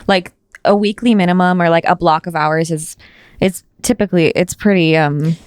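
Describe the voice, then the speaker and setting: A woman's voice: fairly low pitch, steady tone, normal speed, clear, resonant tone, dry recording, clean studio sound. A young woman co-hosting a podcast, a supportive listener who chimes in with sympathetic comments. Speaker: podcast co-host. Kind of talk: casual chat.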